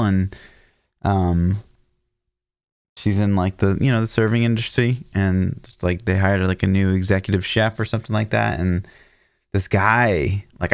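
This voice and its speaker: A man's voice: deep voice, dry recording. A man co-hosting a casual gaming podcast, speaking in a laid-back, dry way as he tells stories. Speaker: podcast co-host.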